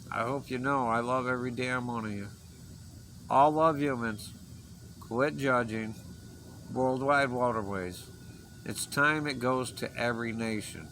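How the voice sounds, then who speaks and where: A man's voice: medium pitch, bright, forceful tone, a little hiss or hum, poor audio. A man delivering an impassioned, rambling personal message to his viewers, earnest and emotional, pleading with them to listen. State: choked up. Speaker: vlogger.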